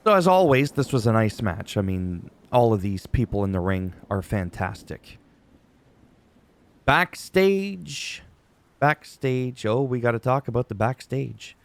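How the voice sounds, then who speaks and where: A man giving a casual, chatty wrestling recap, animated and quick to act out quoted lines. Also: fairly low pitch.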